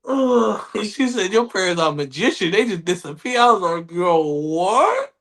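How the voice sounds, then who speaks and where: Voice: medium pitch, lively intonation, moderate pace, a bit bright. A podcast host reacting to clips in casual chat, laughing and profane.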